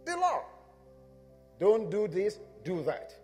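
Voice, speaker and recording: High-voiced man preaching emphatically in a hall. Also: big pitch swings, unhurried. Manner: emphatic, questions the congregation and answers himself. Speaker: pastor. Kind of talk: sermon. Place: church sanctuary. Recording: reverberant church hall with soft instrumental music.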